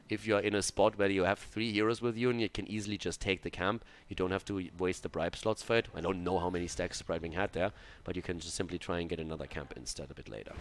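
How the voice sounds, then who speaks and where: A man casting a video game match on his own, mixing brisk play-by-play with coaching tips. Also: on the low side, fairly bright tone, slight background noise. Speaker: esports caster. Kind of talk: solo match commentary with analysis.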